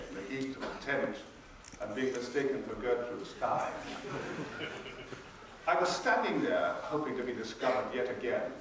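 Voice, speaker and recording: A man's voice: medium pitch, noisy background. Wry man, echoey distant hall. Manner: wry, theatrical storyteller. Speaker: convention panel guest. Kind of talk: humorous anecdote telling. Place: large convention hall. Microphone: far from the mic.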